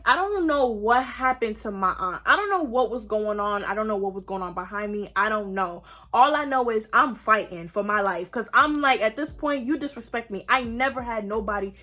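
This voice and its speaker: Young woman, bright, somewhat high voice; dramatic storytime vlogger who swears a lot. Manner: dramatic retelling, acts out quotes, swears freely. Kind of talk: animated storytime.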